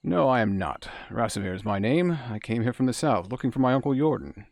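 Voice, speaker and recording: A man's voice: mid-range voice, expressive, brisk, gravelly, darkish tone. A man voicing an earnest young male traveler, reading game dialogue aloud in an emphatic way.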